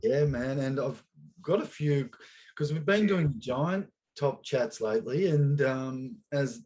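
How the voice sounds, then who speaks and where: A man's voice: mid-range voice, expressive, takes it slowly, a little mellow. A man hosting a casual chat, laid-back and matey. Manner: laid-back, matey, calls guest mate and brother. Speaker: podcast host.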